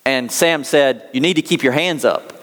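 An American man delivers a sermon, moving between earnest storytelling and scripture reading. His voice sits in an ordinary middle pitch. A long reverb rings around him, as in a large hall. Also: normal speed, a bit bright. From United States. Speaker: pastor.

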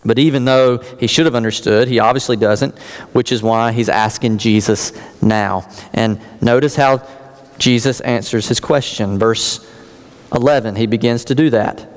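A man's voice: mid-range voice, steady tone, normal speed. Preaching man in a reverberant hall. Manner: earnest expository preaching, reads scripture aloud. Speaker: pastor. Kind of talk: sermon. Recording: long reverb of a large hall.

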